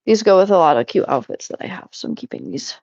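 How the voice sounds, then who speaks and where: This is casual cleaning chatter from a young woman vlogging at home, who rambles, stops herself short and laughs often. Her low-leaning, darkish voice swings hugely in pitch, moves fast and carries vocal fry. The recording is dry, and the highs are cut off.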